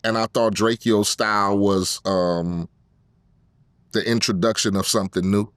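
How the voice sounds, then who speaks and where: A middle-aged man from Compton in a casual interview, talking slowly with drawn-out ums between his thoughts. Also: lowish voice, steady tone, fairly bright tone, no echo. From Compton, California. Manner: unhurried, fills pauses with drawn-out ums. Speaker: guest rapper.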